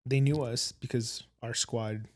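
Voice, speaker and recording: A man's voice: mid-range voice, fairly even intonation, unhurried. Casual male podcast guest, mid-range voice, loose storytelling that slips into other people's lines. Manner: rambling storyteller, acts out quoted voices. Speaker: guest rapper.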